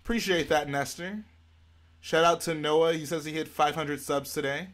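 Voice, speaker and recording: A young man hosting a casual live stream, reading out viewer comments and answering them in a relaxed way while he builds. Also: a little high, moderate pace. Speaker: livestream host.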